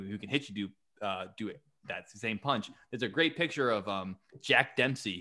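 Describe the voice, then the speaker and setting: A man hosting a podcast, telling a story in casual chat, swearing freely and acting out the lines of the people in it. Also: lowish voice. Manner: animated storytelling, swears, acts out quotes. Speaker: podcast host.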